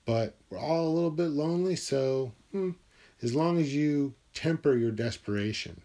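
A man's voice: on the high side, lively intonation, normal speed, warm tone. A man talking alone in his room in a rambling, musing monologue, swearing freely as he goes. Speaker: vlogger.

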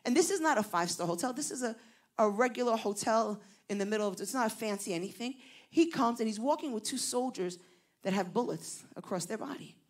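Husky-voiced woman pastor preaching. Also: a little high, brisk. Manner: animated, rising to loud emphasis. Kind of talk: sermon storytelling.

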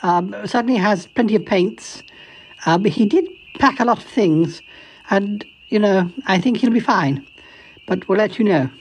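A woman's voice: medium pitch, measured pace, breathy edge, rough recording. A woman voicing a genteel caller in a comedy audio drama, who calls everyone darling and dear. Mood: fond. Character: genteel, fond woman calling on the phone.

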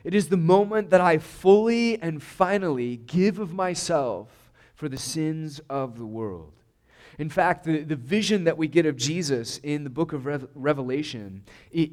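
Male pastor giving a sermon, emphatic and earnest, slow deliberate pace. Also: on the high side, darkish tone. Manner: earnest, emphatic, with restarts and repeated words.

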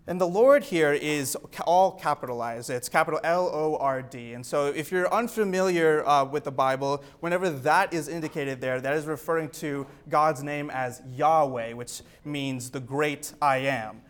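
A young man gives an earnest teaching sermon. His voice sits a little higher than most men's, and he leans harder into scripture when he reads it aloud. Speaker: preacher.

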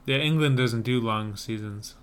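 A man's voice: mid-range voice, moderate pace, a little hiss or hum. A man co-hosting a casual podcast, chatting about movie trailers with wry, joking banter. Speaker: podcast co-host.

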